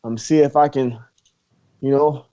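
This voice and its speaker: A man's voice: mid-range voice, fairly even intonation, unhurried, mellow. A young man and former college wrestler, talking casually as a guest, laid-back, laughing often and filling his talk with "you know" and "like". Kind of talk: casual interview chat. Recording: muffled lo-fi recording.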